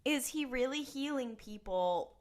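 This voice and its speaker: A woman co-hosting a podcast, chatting casually with quick, joking asides about a TV show. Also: sits high, expressive. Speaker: podcast co-host. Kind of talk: casual recap chat.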